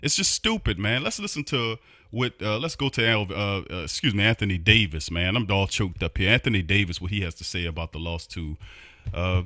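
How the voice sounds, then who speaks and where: A man's voice: low-pitched, a little fast, pushed and bright, no room sound, clean studio sound. Heated, ranting male sports podcast host. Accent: New Orleans. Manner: heated, ranting, repeats himself in frustration. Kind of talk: opinionated sports recap.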